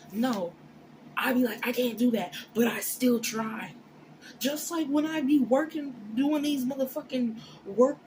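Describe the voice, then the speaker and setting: A woman giving a casual motivational talk to camera, blunt and emphatic, with frequent cursing. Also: on the high side. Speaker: motivational vlogger. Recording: noisy background.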